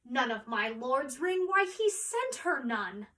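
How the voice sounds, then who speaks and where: A troubled young woman hiding in a man's disguise, as a woman acts her out, musing aloud in a Shakespeare monologue. The voice sits high and the pace is slow and deliberate. Every line is weighed with care. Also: big pitch swings, bright, forceful tone, far from the mic, exaggerated voice. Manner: measured, musing verse delivery. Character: young woman disguised as a man, lovesick and torn.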